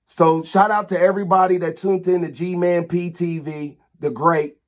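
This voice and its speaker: Heated man ranting, high voice. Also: fairly even intonation, normal speed. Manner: heated, repetitive, scolding. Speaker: channel host. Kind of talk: angry vlog rant.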